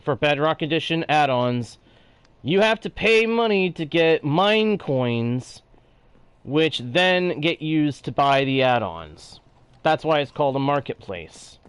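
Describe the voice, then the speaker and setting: A man's voice: fairly high pitch, animated, slow pace, smooth, dry recording. A man with a Texan-sounding drawl, live-streaming a block-building game and chatting with viewers as he explains his build step by step. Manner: talks through building steps, reads chat aloud. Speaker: gaming streamer.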